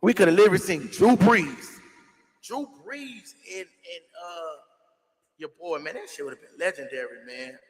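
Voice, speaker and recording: A man's voice: sits high, expressive, moderate pace. A man hosting a casual livestream, ranting in a rambling, slangy, profane way. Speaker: livestream host. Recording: echoey room with long reverb.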